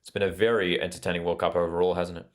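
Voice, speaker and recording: A man's voice: deep voice, little pitch movement, rapid-fire. A young Australian man hosting a live football watchalong, chatting casually and reading out viewer comments with plenty of fillers. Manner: chatty, reads out live chat, frequent fillers. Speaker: watchalong host.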